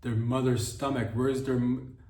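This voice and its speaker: Guy rambling absurd bits on his podcast, keeps correcting himself, mid-pitch voice, far off in a roomy space. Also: flat delivery, normal speed, darkish tone. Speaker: podcast host. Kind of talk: rambling comedic monologue.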